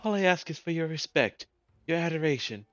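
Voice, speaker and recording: A man's voice: fairly high pitch, lively intonation, brisk, muffled recording, faint music behind, voice pushed up, close to an everyday voice. A man voicing a vain, pompous hero who wants to become ruler, reading game dialogue aloud in a grandiose, self-important way. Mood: scheming. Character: pompous vain male would-be ruler, hero-turned-tyrant.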